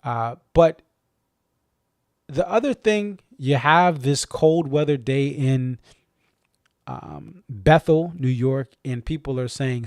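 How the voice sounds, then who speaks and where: A man's voice: mid-range voice, takes it slowly, dry recording, studio quality. A man with a faint Boston accent, rambling and correcting himself as he hosts a casual live-stream chat. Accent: slight Boston. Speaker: stream host.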